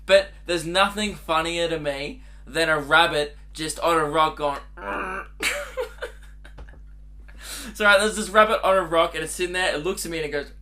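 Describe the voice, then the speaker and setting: A young man talks alone into his podcast mic, rambling and giggling through crude stories. His voice sits a little high for a man and rings bright and forceful. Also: a little fast, few pauses. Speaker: podcast host. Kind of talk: casual solo podcast monologue.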